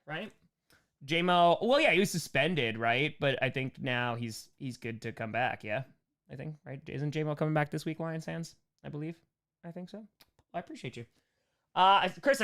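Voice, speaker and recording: A young man from New York chats casually through a live Q&A, thanking donors in quick bursts. His voice swings lively up and down as he riffs. The talk stays loose and upbeat. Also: fairly high pitch, clean tone. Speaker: livestream host answering superchats.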